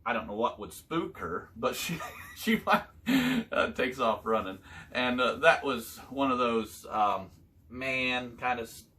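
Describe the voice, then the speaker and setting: An older man telling his son hunting stories from years back, in a halting, casual way with many fillers. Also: mid-range voice, pushed and bright. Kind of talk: casual storytelling chat.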